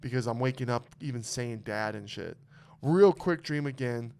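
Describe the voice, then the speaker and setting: A young man with a smooth, resonant voice tells raw, heartfelt stories on a casual podcast. He swears constantly and talks in an open, emotional way. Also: mid-range voice, normal speed, a little mellow. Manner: emotional storytelling, heavy swearing. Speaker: podcast host.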